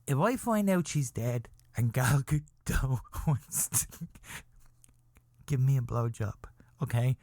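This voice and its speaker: Man, podcast host, comedic storytelling, slow drawn-out delivery, rambling, repeats himself, dry room. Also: medium pitch, lively intonation, mellow, no room sound. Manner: rambling, keeps checking in with "okay?"; repetitive restarts, builds up slowly.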